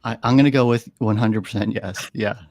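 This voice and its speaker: The clean studio recording, free of room sound, catches a man with a lowish, darkish voice speaking briskly and fairly evenly. As an animal communicator guest on a podcast, he tells stories in earnest, often repeating words while he collects his thoughts.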